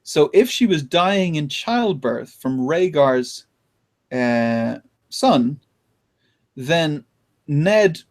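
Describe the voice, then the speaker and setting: A man in casual podcast chat, his voice sitting a little high. He retells stories with animated energy and the odd laugh, chatting loosely rather than reading. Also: very slow, pauses often. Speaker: podcast host.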